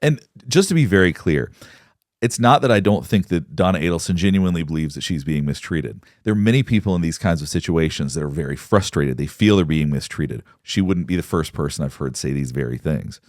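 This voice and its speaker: A man, a psychologist, giving measured, explanatory commentary on court footage. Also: rumbling low, lively intonation, a little mellow, dry recording, studio quality. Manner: explanatory, measured, pauses to point things out. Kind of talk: analytical commentary.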